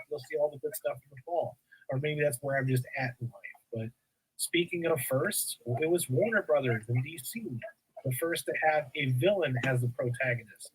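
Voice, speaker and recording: A man's voice: medium pitch, a little hiss or hum, poor audio. A man on a casual podcast panel, arguing his opinion about movies. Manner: opinionated, argues his point. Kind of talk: casual chat.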